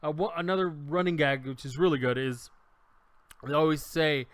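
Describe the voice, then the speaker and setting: The recording is dry, and the man's voice sits on the high side, clear and resonant, at a normal speed. As co-host of a podcast, he animatedly recounts a comedy show in a casual chat, acting out lines and frequently starting over.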